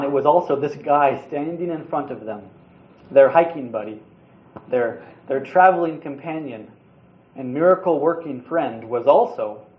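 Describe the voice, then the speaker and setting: A man delivers a sermon in an earnest, conversational way, stumbling and restarting his words now and then. His voice sits a little high for a man. The sound is roomy and somewhat muffled, as if recorded at the back of a large space. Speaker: preacher. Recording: roomy, slightly dull sound.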